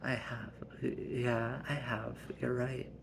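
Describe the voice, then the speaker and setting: Storyteller, male, mid pitch, slow and soft-spoken. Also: little pitch movement, creaky, background noise. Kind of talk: improvised family story narration.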